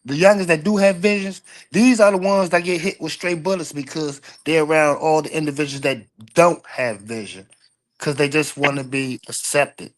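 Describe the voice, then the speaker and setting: Give me a fired-up male caller with a slightly high voice who talks in a blunt, profane way. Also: normal speed. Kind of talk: casual call-in chat.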